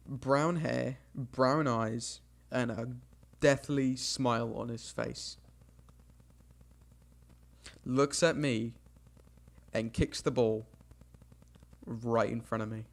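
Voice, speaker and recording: A young man streaming games, casually telling an embarrassing childhood story, lively and laughing at himself as he acts out what people said. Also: mid-range voice, vocal fry. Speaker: game streamer.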